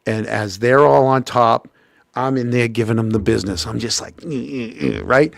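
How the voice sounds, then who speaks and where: Gravelly man telling a lively story. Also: moderate pace, dry recording. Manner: animated, acts out quotes with big pitch jumps, frequent restarts. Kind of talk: casual anecdote telling.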